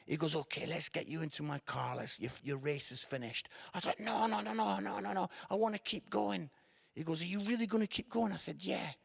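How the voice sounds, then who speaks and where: A man in his forties, an evangelist and comedian, delivering a gospel message through animated comic storytelling that turns earnest and gentle. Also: sits high, brisk, creaky, slightly rough. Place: live event venue.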